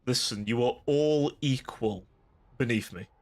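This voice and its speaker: A man putting on the voice of a domineering male vampire lord with mock-menacing, drawn-out taunts during a game stream. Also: medium pitch. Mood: gloating.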